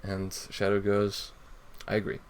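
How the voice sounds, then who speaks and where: A man's voice: lowish voice, monotone, unhurried. A man hosting a casual comedy podcast, often laughing as he reads quoted lines aloud. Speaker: podcast host.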